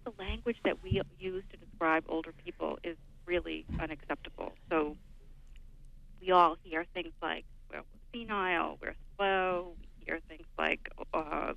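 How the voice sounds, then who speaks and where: A woman's voice: deep voice, gravelly. An older woman, a radio show guest, explaining at length in a thoughtful, lecturing way. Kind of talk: radio interview. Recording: phone line, lo-fi.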